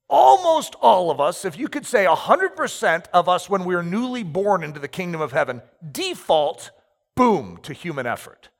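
A pastor giving an animated sermon, telling stories with acted-out asides. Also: male voice, high voice. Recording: reverberant hall.

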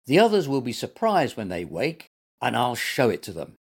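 A man's voice: medium pitch, huge pitch swings, normal speed, breathy edge, full character voice. Man doing a proud little teddy bear. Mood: cheerful. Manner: polite, proud.

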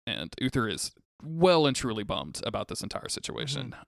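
A young man talks through a TV episode on a podcast in a relaxed, joking, profane way. His voice is gravelly and sits at an average pitch. The recording is dry and close to the mic. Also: moderate pace, dry recording. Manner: laid-back, profane, laughs often, recaps plot with acted quotes. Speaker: podcast co-host. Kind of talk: casual recap chat.

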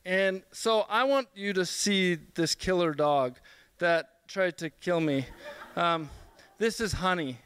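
A young man at a church gathering telling a funny personal story, animated and self-mocking, with many restarts. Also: high-pitched, clear, resonant tone, dry recording. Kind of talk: humorous personal story in a sermon.

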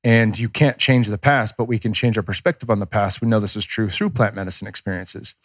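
A man in his thirties talks in a casual podcast chat with a fairly low voice. He is candid and rambling, swears freely and acts out what people said. The sound is dry and close to the mic. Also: brisk, breathy edge, no room sound. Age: 30s. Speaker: podcast guest.

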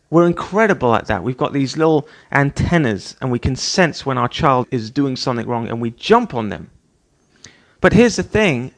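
A man's voice: mid-range voice, vocal fry. A middle-aged man, the host, giving an earnest motivational talk, repeating his points and now and then acting out what a scolding parent says. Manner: earnest, repetitive, acts out scolding parent voices. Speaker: podcast host. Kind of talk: motivational monologue.

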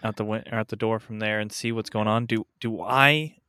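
A man's voice: on the low side, fairly even intonation, normal speed, sharp tone, clear, resonant tone, no room sound, studio quality. A man playing a tabletop game, thinking aloud and hesitating as he asks about his options. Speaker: player. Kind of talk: casual chat at a game table.

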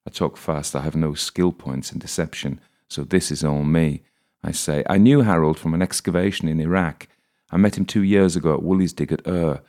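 Very deep, gravelly male narrator. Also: darkish tone. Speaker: audiobook narrator. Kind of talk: first-person audiobook narration.

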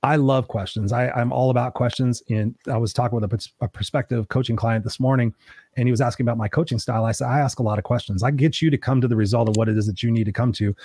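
Man, middle-aged, podcast host, rapid delivery, brash storyteller, swears, dry close sound. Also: medium pitch, steady tone, darkish tone, husky, no echo. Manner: brash storyteller who acts out quotes and swears freely. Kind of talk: casual interview chat.

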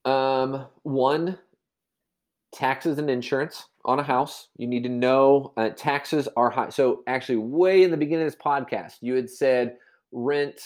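A man's voice: medium pitch, a little slow, a little mellow. A man explaining real estate in a casual podcast chat, rambling with many restarts and fillers. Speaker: real estate agent guest.

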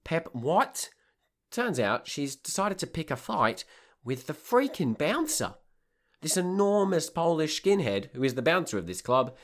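A man, a tour leader and podcast host, telling a comic anecdote in a wry, exasperated and animated way. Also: fairly low pitch.

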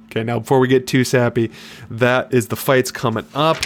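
A man's voice: medium pitch, steady tone, brisk, slight background noise. A man co-hosting a casual podcast, giving confident, upbeat fight picks and betting advice. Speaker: podcast co-host.

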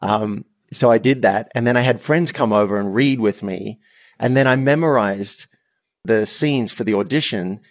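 An Australian man in his fifties, a coach telling stories as a podcast guest in an earnest, animated way with frequent restarts. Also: fairly low pitch, moderate pace, dry recording, studio quality. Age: 50s. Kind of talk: storytelling in a podcast interview.

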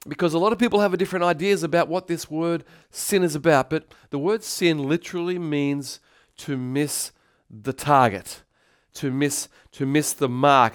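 A middle-aged man preaching a sermon as pastor in a Tokyo church, telling stories earnestly, often repeating words and rising louder to rally the congregation. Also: on the high side.

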